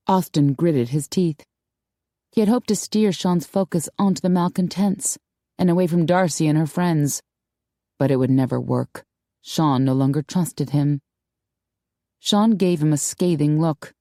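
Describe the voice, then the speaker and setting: Woman, audiobook narrator, calm, measured, low voice, mellow, dry close studio sound. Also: dry recording. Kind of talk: scripted narration.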